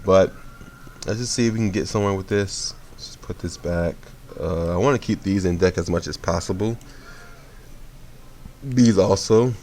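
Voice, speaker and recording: A young man giving casual commentary on a card game he is playing, sleepy and relaxed, often rambling and correcting himself. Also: sits low. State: sleepy, yawning.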